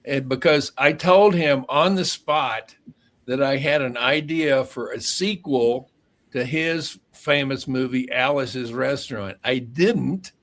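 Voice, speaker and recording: A man's voice: mid-range voice, takes it slowly, a bit bright. An older man, a podcast guest, telling a rambling personal story in a casual way, laughing at his own tale and acting out the lines of the people in it. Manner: acts out quoted dialogue.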